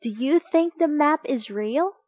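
A woman voicing an excited young bear boy in a children's storybook, asking eager questions. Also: high voice, measured pace, no echo, clean studio sound, pitched above the performer's own voice.

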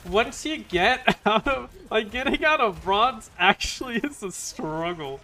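A man streaming a competitive shooter game, chatting to viewers with excitable exclamations and self-mocking jokes. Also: sits high, a little slow. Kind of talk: live gaming stream commentary.

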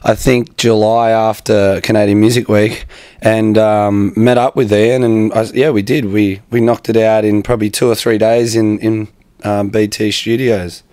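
A man's voice: fairly low pitch, flat delivery, moderate pace, a little mellow, clear, resonant tone, no echo. An Australian man in a touring rock band talks about songwriting. He sounds easy and agreeable. The recording is close and dry. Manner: easygoing, agreeable. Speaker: band member. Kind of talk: casual interview answers.

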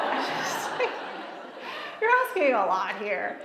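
Woman, faith-event speaker, lively and self-mocking storyteller, mid-pitched, miked in a reverberant hall. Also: unhurried, background noise. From child of Egyptian parents, raised in America. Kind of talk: personal storytelling talk. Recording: echoey hall.

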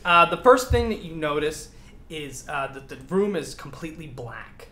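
A man narrating as game master for a tabletop game, hesitant with many pauses and laughing often. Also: fairly high pitch, sing-song, crowd noise. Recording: echoey room, faint noise.

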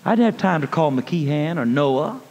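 A man preaching a sermon, telling a story in a folksy manner, calling listeners honey and rising to shouted praise. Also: on the high side, animated, normal speed, lo-fi sound. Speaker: evangelist. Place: church. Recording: long reverb of a church hall.

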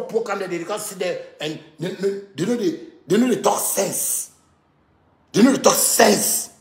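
A man with a Ghanaian Pidgin English accent delivering a heated, repetitive rant that swings from shouting to muttering. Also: sits high, creaky, reverberant. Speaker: musician ranting to camera. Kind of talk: angry rant.

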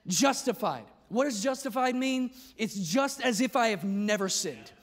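High-voiced man preaching in an echoing church. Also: animated, a little slow. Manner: impassioned preaching that rises to shouts. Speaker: pastor. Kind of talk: sermon. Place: large church hall. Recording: long reverb of a large church hall.

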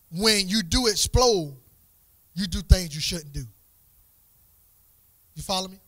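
A man's voice: sits high, sharp tone, no room sound. A man teaching young people at church in a casual, playful way, stumbling over repeated words and asking them questions. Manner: repeats words in quick restarts, asks the group questions.

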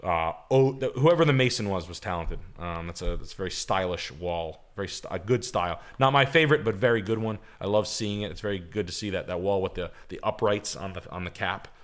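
On a livestream, a male co-host with a deep voice rambles casually and swears freely while giving blunt takes on houses and cars. He talks briskly with few pauses.

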